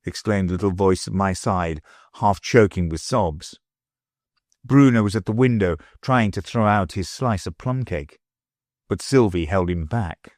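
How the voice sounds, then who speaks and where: A man narrating a classic storybook aloud, with expressive delivery. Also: deep voice, a little slow, dry recording, studio quality. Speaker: audiobook narrator. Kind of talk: scripted narration.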